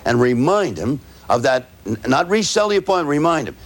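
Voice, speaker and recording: A man's voice: a little high, sing-song. A man teaching salespeople, walking through his method point by point and tagging his points with "right?". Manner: tags points with rhetorical "right?"; spells out words slowly. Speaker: sales trainer. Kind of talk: lecture to salespeople.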